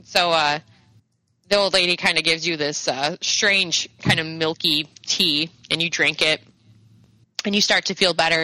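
A woman game master who explains rules and narrates the scene haltingly, with many fillers. Her voice is very bright, and the recording is close and dry. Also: low voice, steady tone, no echo, poor audio.

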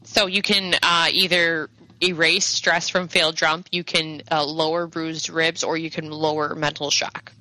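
Bright-voiced woman game master. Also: low voice, level tone, dry recording, rough recording. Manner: halting, with many fillers. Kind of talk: narrating a tabletop game.

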